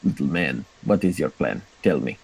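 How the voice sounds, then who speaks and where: A man voicing a haughty, commanding male drow bandit leader who speaks in slow, clipped, condescending phrases. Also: rumbling low, lively intonation, vocal fry, darkish tone, slightly rough, voice pushed down, full character voice, poor audio. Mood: unimpressed.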